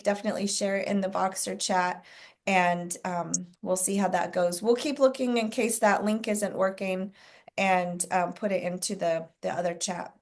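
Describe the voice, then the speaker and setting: A woman hosts a group video call and talks her team through a coaching point. She is encouraging and loose, with plenty of ums and the odd clearing of her throat, and her voice sits in an ordinary middle range. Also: medium pitch. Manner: encouraging, frequent fillers, clears throat often.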